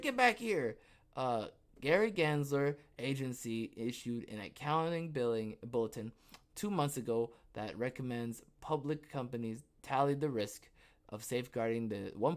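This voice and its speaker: A man hosts his own podcast alone, reading a news story aloud in a loose, rambling way. He keeps breaking off into jokes and "okay?" asides, and his voice jumps suddenly in pitch and loudness. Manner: jokey and rambling, with frequent "okay?" asides and self-interruptions. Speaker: podcast host.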